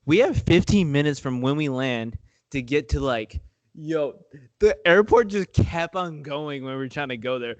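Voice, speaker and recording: A young man chats loosely on a podcast, his voice sitting a little high for a man. He talks in slang, says "dude" and "bro" constantly, and swears freely. The recording is dry with no room sound. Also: expressive, moderate pace, no echo. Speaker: podcast co-host. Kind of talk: casual chat.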